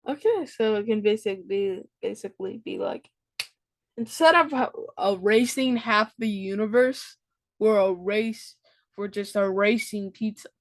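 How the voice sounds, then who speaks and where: A woman hosting a casual interview, giggly and prone to excited outbursts. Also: medium pitch, a little slow, no room sound. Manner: giggly, bursts into excited exclamations. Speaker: podcast host.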